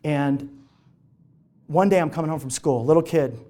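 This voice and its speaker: A middle-aged man speaking to a live audience, telling personal stories in an animated way and acting out the voices of the people in them. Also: mid-range voice, a little fast. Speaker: motivational speaker.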